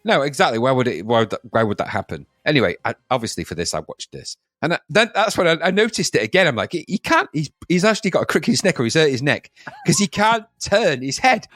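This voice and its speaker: A man's voice: on the high side, fast, no echo, studio quality. A man co-hosting a retro games podcast in casual joking chat, often slipping into silly voices. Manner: jokey, lively, slips into silly voices. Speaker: podcast co-host.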